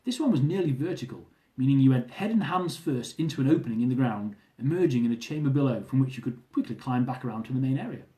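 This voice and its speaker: With few pauses and a fast pace, a man shares his own travel memoir in a medium-pitched voice, chuckling frequently in his amused, lively way. The room sounds roomy.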